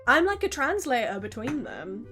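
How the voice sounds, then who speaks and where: A woman's voice: on the high side, very animated, moderate pace, sharp tone, faint music behind. A woman in her early twenties chatting casually on a live stream, telling stories with frequent laughs and swearing.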